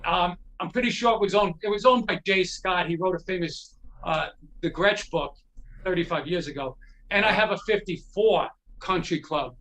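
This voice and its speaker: A man's voice: high voice, normal speed. A middle-aged man, a guest on a show, casually telling a long anecdote, acting out the lines of the people in it and swearing freely. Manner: animated anecdote teller, acts out quotes, swears freely. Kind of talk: casual storytelling.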